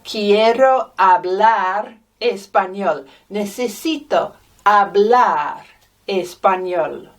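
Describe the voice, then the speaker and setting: Woman teacher going real slow and patient, repeating words, mic a bit far off. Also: mid-range voice. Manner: patient, carefully sounds out words. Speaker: Spanish teacher. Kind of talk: slow, deliberate language lesson mixing English and Spanish. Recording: voice a little distant from the mic.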